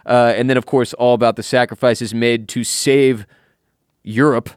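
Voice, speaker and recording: A man co-hosts a podcast in a studio, keeping it loose and jokey with casual swearing. His pitch sits at an ordinary middle for a man. The sound is dry and close, with no room around it. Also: steady tone, moderate pace, smooth, no echo. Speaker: podcast co-host. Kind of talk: casual chat. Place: recording studio.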